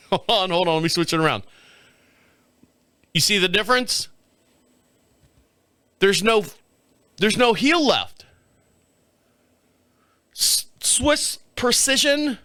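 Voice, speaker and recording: A man's voice: high-pitched, expressive, a little slow, long pauses, pushed and bright, no echo. A middle-aged man hosting his own show, telling a rambling story to camera in casual chat and laughing often, recorded in a small home studio. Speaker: podcast host. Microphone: studio mic on camera.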